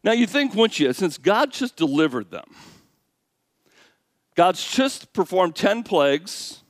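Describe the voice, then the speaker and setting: A man preaching a sermon, animated, swinging from hushed asides to loud exclamations. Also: high voice, takes it slowly, no echo, studio quality. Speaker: pastor.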